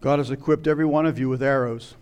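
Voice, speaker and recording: A man preaching a sermon, retelling a scripture story and acting out its scenes with sudden loud outbursts. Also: medium pitch, fairly even intonation, fast talker, clear, resonant tone. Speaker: pastor.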